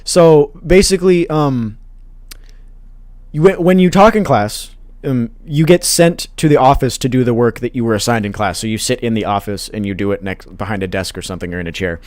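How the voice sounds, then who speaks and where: A man's voice: mid-range voice, fairly quick, darkish tone, no room sound. A young man co-hosting a podcast, telling a school story in a rambling, laid-back, profane way. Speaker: podcast co-host. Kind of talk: casual storytelling chat.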